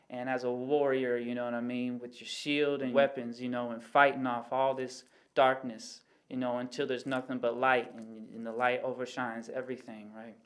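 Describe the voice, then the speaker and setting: A man chatting on a podcast in a level, even tone with little rise and fall, his pitch sitting right in the middle. He rambles earnestly, working through everyday analogies and peppering his talk with little "you know" asides. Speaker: podcast guest. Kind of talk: casual reflective conversation.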